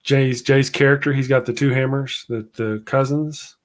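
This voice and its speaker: A man's voice: medium pitch, steady tone, normal speed. A man who hosts a morning show, chatting casually as a guest, rambling and often restarting his sentences. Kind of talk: casual chat.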